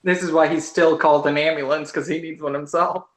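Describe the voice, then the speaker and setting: A man's voice: fairly high pitch, fairly even intonation, brisk, fairly bright tone, echoey room. A man playing a tabletop game, joking and a little hesitant. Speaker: player. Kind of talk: casual tabletop play.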